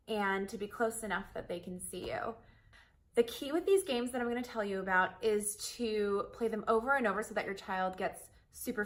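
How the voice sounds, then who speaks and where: A woman's voice: mid-range voice, fairly bright tone. A woman hosting a parenting lesson, explaining in a friendly, reassuring way. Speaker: host.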